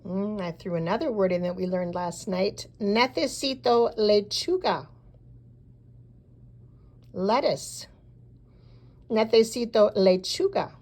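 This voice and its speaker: A woman leads a recorded beginner lesson at an unhurried, careful pace. She models short phrases one at a time and pauses after each so learners can repeat. Her pitch sits in a middle range. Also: animated, darkish tone. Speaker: Spanish teacher.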